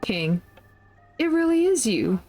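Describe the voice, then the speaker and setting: A woman voicing a gentle, regal woman king who speaks in an affectionate, theatrical way. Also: a little high, sing-song, takes it slowly, soft background music, pitched above the performer's own voice, full character voice. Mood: tender.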